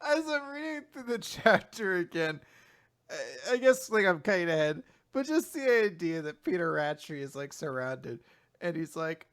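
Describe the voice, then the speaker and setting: A co-host talks manga in a bright, forceful voice, laughing often. The pitch swings widely while they talk with enthusiasm. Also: sing-song, moderate pace, no echo, clean studio sound. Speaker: podcast co-host. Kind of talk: casual chat.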